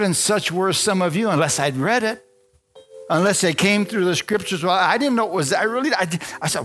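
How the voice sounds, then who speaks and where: A man preaching as pastor, reading scripture and telling his own testimony, asking the congregation for amens and rising into excited high peaks. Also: moderate pace, faint music behind. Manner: animated preaching, calls for amen, rises to high excited peaks. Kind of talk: sermon.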